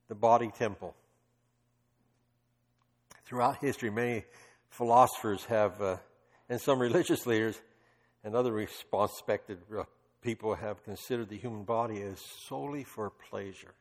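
A man's voice: lowish voice, a little slow, pauses often. A man preaching a sermon, telling stories emphatically with passionate bursts. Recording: long reverb of a large hall.

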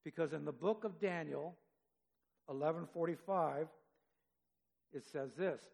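A man's voice: fairly high pitch, unhurried, creaky, darkish tone. A man preaching a sermon, reading scripture aloud and talking with his congregation in a conversational way, rising in force for emphasis. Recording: long hall reverb.

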